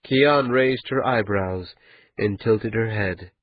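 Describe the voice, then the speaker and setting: A man narrates a novel in a measured, even manner. His voice is low and a bit husky. The recording is dry and close, with a slightly dull, muffled sound. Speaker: audiobook narrator. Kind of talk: scripted narration.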